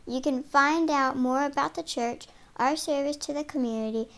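A young girl reads a church podcast's opening announcement. Her voice is high and bright, and she delivers the scripted lines cheerfully. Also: moderate pace. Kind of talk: read church podcast intro.

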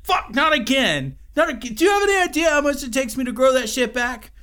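A man's voice: very high voice, sing-song, a little fast, sharp tone, pitched above the performer's own voice, full character voice. A man voicing a laid-back male Mothman creature with a Californian accent, drawling and whiny.

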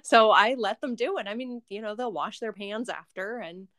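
A young woman talking as an interview guest, a homeschooling mother who rambles happily through her answers with lots of fillers and restarts. Her voice sits at an ordinary pitch and sounds dry and close, with no room echo at all. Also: moderate pace, a bit bright. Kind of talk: casual interview chat.

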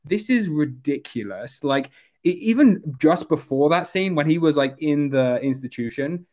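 A man's voice: on the high side, animated, normal speed, a little mellow. A man chatting casually about movies, animatedly retelling scenes and acting out the characters.

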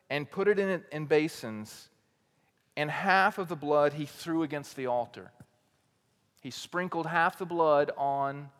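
A man preaching a sermon in a slightly higher voice, swinging between loud, ringing declarations and hushed low passages. He often repeats and restarts his words. A long hall reverb trails behind him. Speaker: teaching pastor. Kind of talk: expository sermon.

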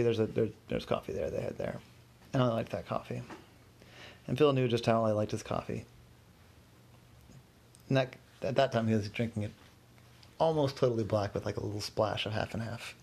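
A man's voice: mid-range voice, steady tone, a little fast, creaky, long pauses, a little mellow. A man telling a casual bedtime-style story in a rambling, loose way. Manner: rambling, filler-heavy.

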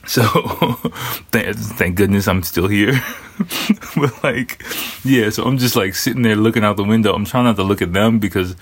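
Low-voiced man rambling through a story. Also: moderate pace, slight background noise. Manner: rambling, profane, many fillers. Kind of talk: casual storytelling.

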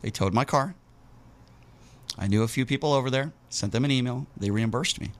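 Guy ranting through a story, gets loud and jumpy, casual chat. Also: mid-range voice, brisk. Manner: animated, indignant storyteller, rising to bursts. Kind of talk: casual storytelling on a talk show. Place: Las Vegas local.

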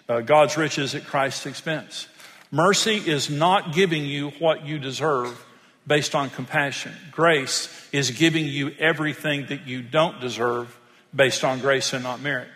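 A man's voice: on the high side, fairly bright tone, long reverb tail. An older man, preaching a sermon and telling stories in an earnest manner. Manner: storytelling, earnest, rises when stressing points. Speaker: pastor.

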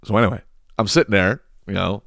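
A man's voice: on the low side, quick pace, gravelly, no echo, studio quality. A man telling a story in a casual comedic podcast rant, swearing often and repeating words as he goes. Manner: animated, profane ranting with frequent restarts. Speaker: podcast host.

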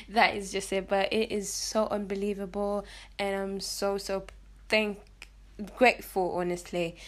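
A young woman hosts a casual solo podcast, chatty and blunt, restarting her sentences often. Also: mid-range voice. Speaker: podcast host.

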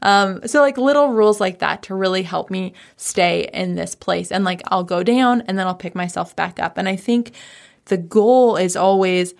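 Chatty woman with a gravelly voice. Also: mid-range voice, moderate pace. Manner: chatty, peppered with "like", upbeat. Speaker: business coach. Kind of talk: casual mindset talk. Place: home office.

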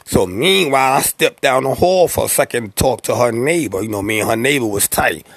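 Streetwise male rapper telling a story, gravelly and husky, dry close sound, slangy and profane. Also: medium pitch, animated, brisk, fairly bright tone, no echo. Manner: acts out quoted voices. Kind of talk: casual anecdotal storytelling.

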